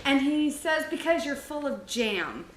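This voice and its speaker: Lady improvising a bar joke, high voice, echoey noisy room. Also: expressive, unhurried.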